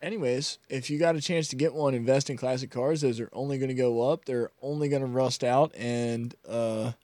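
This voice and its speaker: A man's voice: mid-range voice, steady tone, fairly quick, dark tone, dry recording. A man co-hosting a casual podcast chat, rambling enthusiastically about classic cars. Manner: rambling, enthusiastic car talk. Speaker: podcast co-host.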